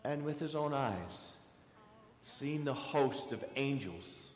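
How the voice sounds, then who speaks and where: Slow, lively-voiced preacher in an echoing church. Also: male voice, mid-range voice, a little hiss or hum. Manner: asks many rhetorical questions, tells listeners to underline words. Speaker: pastor. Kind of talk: sermon. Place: church sanctuary. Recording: echoey church hall with long reverb.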